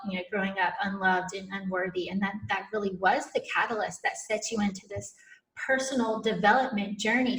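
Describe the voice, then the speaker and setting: A woman's voice: medium pitch, fairly bright tone. A woman hosting a podcast interview, asking long, emotional questions with restarts. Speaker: podcast host. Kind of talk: conversational interview. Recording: echoey room, far from mic.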